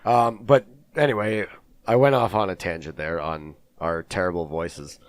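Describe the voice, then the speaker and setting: A man's voice: deep voice, steady tone, moderate pace, no echo. A man co-hosting a podcast, chatting casually and rambling, self-deprecating about his own voice. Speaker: podcast co-host. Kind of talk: casual chat. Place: basement.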